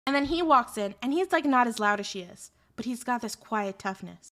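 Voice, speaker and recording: A woman streamer telling a story in a casual, animated, rambling way with lots of fillers. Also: a little high, brisk.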